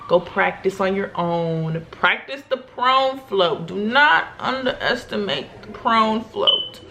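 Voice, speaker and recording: Animated, chatty young woman vlogger. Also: mid-range voice, slow pace, slight background noise. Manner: animated, chatty, laughs often, slangy. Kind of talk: casual storytelling to camera.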